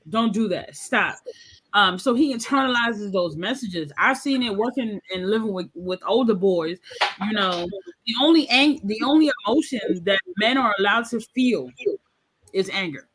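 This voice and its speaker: Frank, animated woman in her thirties. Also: fairly high pitch, low-quality recording. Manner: frank and animated, acts out quoted voices. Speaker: podcast panelist. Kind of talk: candid podcast discussion.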